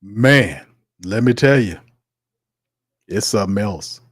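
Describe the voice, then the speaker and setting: A man's voice: lowish voice, lively intonation, slow, husky, dry recording, studio quality. A man hosting a sports talk livestream, ranting with exasperation, laughing often and tossing in "man" and "fam". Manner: laughs often, talks back to the chat. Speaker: sports talk show host.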